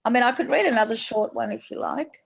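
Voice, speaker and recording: A woman from Australia with an Australian accent, an author reading her own short story aloud in slangy, unhurried storytelling. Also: on the high side, vocal fry, slightly rough.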